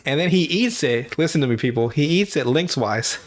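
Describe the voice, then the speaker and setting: Casting: a male podcast host, loose and profane, laughing through a story, voice a bit high. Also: lively intonation. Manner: profane, laughing storyteller who slips into quick character voices. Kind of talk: casual podcast chat.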